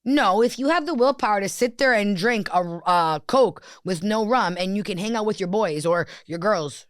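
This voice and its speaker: A woman speaking as a podcast guest in candid, casual conversation, blunt and animated, swearing freely and leaning on "like" fillers. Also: mid-range voice, normal speed, no room sound, clean studio sound.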